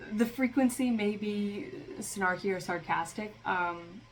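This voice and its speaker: A woman's voice: mid-range voice, slow pace, a little hiss or hum, poor audio. A woman giving a casual spiritual tarot reading, talking in a loose, rambling way with lots of fillers and a sarcastic streak. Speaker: tarot reader.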